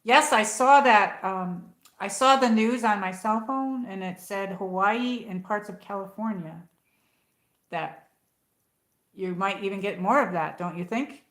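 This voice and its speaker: A woman's voice: mid-range voice, a little slow, fairly bright tone. Rambling chatty woman in an echoey room. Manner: rambling, chatty, greets viewers by name. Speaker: livestream host. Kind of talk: casual livestream chat.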